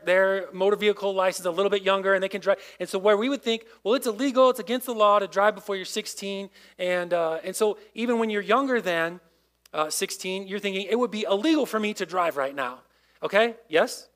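A man's voice: high-pitched, a bit bright. A man giving a casual, conversational sermon as a youth pastor, often asking his listeners questions.

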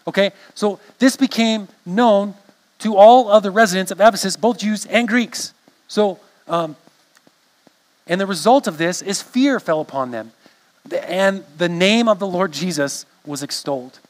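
A man's voice: high-pitched, a little slow, poor audio. A man preaching a sermon in a conversational way, often restarting phrases and checking in with the congregation. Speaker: pastor.

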